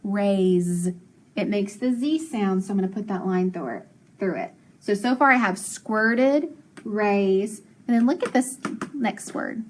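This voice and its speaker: A woman's voice: a little high, normal speed. A woman teacher giving a phonics lesson to young pupils, asking questions, praising their answers and spelling words out letter by letter. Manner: patient, praising, asks questions and answers them; spells letters out one at a time.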